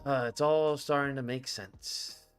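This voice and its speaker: A man's voice: mid-range voice, fairly even intonation, measured pace, clean tone, soft background music. A man hosting a call-in commentary stream, ranting bluntly and swearing heavily. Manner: profane, blunt, exasperated ranting. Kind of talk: casual political commentary.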